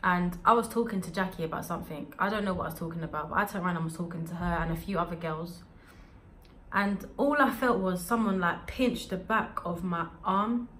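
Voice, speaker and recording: A young adult woman telling a storytime vlog in an animated, slangy way. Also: on the low side, a little fast, slight background noise. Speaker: vlogger.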